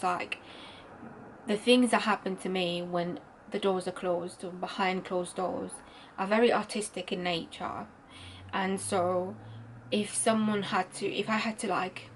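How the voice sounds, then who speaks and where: A woman's voice: mid-range voice, a little hiss or hum, poor audio. A woman with an Italian accent, her first language Italian, speaks in an ordinary middle register. She talks openly to her viewers in a storytime vlog. Her sentences wander and restart as she reaches for words. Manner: rambling, searching for words, frequent restarts. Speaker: vlogger. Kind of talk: candid storytime monologue.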